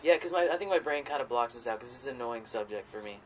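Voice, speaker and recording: A man co-hosting a podcast in casual chat, rambling and swearing freely, sometimes jumping into loud quoted voices. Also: mid-range voice, lively intonation, fast, slight background noise, low-quality recording. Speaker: podcast co-host.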